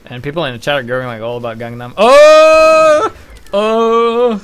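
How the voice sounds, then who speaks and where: A young man giving casual, rambling gameplay commentary, swearing freely and breaking into excited bursts. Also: mid-range voice, racing. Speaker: game commentator.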